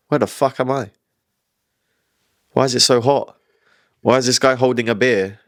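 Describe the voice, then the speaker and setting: A man voicing a lost, confused male penguin that swears and fires off panicky questions, dropping low at the end. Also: no room sound, studio quality, lightly acted. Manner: swearing, rapid questions, then low and flat.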